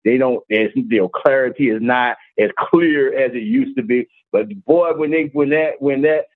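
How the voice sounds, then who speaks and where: A man's voice: medium pitch, no echo. A man preaching an informal, folksy sermon, telling stories with many restarts and repeats. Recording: tinny phone-like line.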